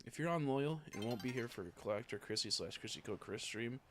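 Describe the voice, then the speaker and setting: Young male streamer, bright lively voice, cursing rants over faint noise. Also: mid-range voice, brisk. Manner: swings from mumbling to loud frustrated yelling, swears a lot. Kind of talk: casual gaming livestream chat.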